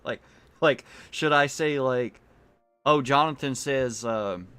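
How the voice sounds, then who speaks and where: Guy streaming a game, rambly casual chat, mid pitch voice. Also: takes it slowly, a bit bright, clear, resonant tone, no echo, faint music behind. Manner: rambling, with many fillers and laughs. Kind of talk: casual chat while playing.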